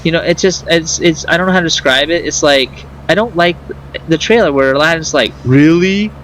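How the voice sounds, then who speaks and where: A man's voice: on the high side, fairly quick, a bit bright, a little hiss or hum, poor audio. A man co-hosting a casual movie podcast, talking hesitantly with many fillers. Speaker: podcast co-host.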